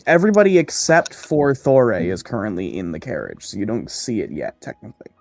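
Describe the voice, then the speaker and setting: A man's voice: lowish voice, very animated, fairly quick, darkish tone. A man running a tabletop game as game master, reading out scene descriptions and laughing easily with his players.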